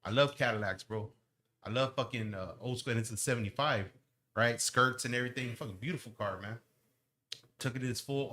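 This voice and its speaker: A man and lowrider owner, ranting heatedly in casual podcast chat, with slang and heavy swearing. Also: a little fast, pushed and bright.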